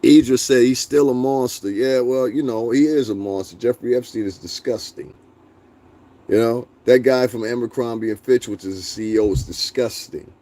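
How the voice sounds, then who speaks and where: A man's voice: mid-range voice, normal speed, dark tone. A young man hosting a casual live stream, talking bluntly and profanely, laughing often and answering his chat. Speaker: livestream host.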